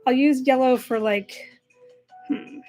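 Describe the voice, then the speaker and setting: A young adult woman art vlogger chats casually while she draws, often laughing and poking fun at herself. Her voice is high-pitched and slow with a darkish tone, and soft music plays in the background.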